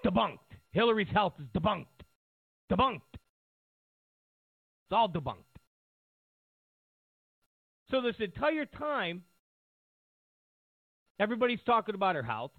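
A man delivering an animated, sarcastic political monologue as a commentator. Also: high voice, normal speed, vocal fry, pauses often, dry recording, phone-quality sound.

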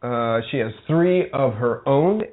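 A man's voice: medium pitch, lively intonation, takes it slowly, slight background noise. A man co-hosting a casual talk show, joking and teasing his co-host and guest. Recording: tinny phone-like sound.

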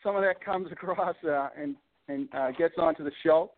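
A man with a Boston accent, his voice on the high side and his pace moderate, talks casually as a modest, hesitant interview guest who uses many fillers. The call sounds tinny, with noise in the background.

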